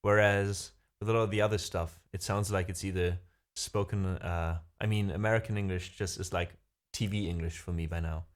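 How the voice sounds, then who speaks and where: A young man chats loosely to his livestream viewers. He rambles, pauses on fillers and restarts his sentences as he thinks aloud, speaking into a desk mic at home. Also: low-pitched, fairly even intonation. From Germany. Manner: rambling, hesitant, many fillers. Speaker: livestream host. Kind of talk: casual chat with viewers. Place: home room.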